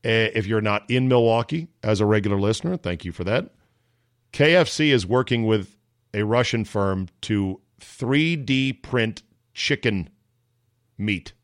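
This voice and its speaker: A man hosts a daily sports talk podcast, riffing sarcastically on the news in a casual, joking solo commentary. His fairly low voice is unhurried, and the recording has a clean studio sound with no room noise.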